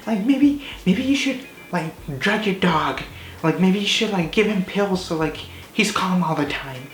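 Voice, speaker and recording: A man voicing a shrill, indignant middle-aged woman neighbor who nags and complains. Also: animated, a little slow, echoey room, a little hiss or hum. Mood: preachy. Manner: whiny, nagging, indignant.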